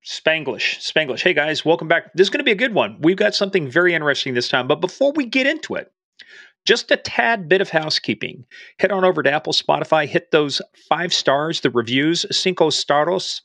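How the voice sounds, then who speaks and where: A man's voice: a little high, big pitch swings, fairly quick, pushed and bright, dry recording. A man hosting a podcast in casual chat, playful and jokey, tossing in bits of Spanish. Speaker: podcast host.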